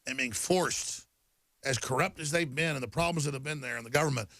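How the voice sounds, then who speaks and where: A man's voice: medium pitch, brisk, bright, forceful tone, no echo. A middle-aged man hosting a talk show, delivering a heated, repetitive monologue to viewers while reading headlines.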